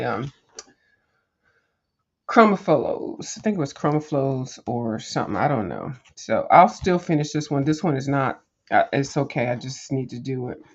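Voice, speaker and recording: Rambling, chatty woman on a dull recording. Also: sits low. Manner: rambling and chatty, with many fillers and restarts; talks to viewers as "girl", with sassy "mm-mm" asides. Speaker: coloring channel host. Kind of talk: casual chat while flipping through a coloring book.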